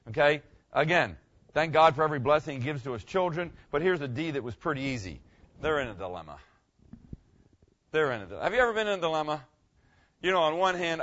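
A male pastor preaching a sermon, animated, swinging between loud bursts and hushed asides. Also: fairly high pitch, fast, muffled recording.

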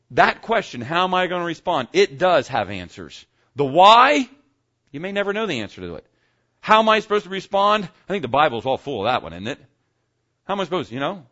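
Folksy pastor preaching, lively pitch. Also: male voice, lo-fi sound. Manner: folksy, conversational preaching with frequent "okay?" check-ins. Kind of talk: sermon.

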